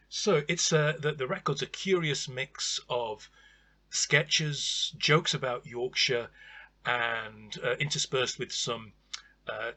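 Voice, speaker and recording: A chatty man talks through an old vinyl record in a relaxed review, wry and full of ums and uhs. His voice is bright and a little husky, at a middle pitch.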